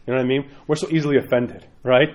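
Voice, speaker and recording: A man's voice: medium pitch, fairly even intonation, racing, a little mellow. A man, a parish priest, giving an informal sermon in a rambling, chatty way with frequent asides.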